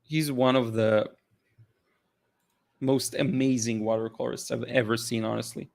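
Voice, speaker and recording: Guy doing a chill art q&a stream, kinda tired, rambly, keeps restarting sentences, mid pitch. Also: steady tone, moderate pace, gravelly. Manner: enthusiastic, rambling with restarts and fillers. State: tired, yawning. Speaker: artist hosting a live Q&A. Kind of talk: casual livestream chat.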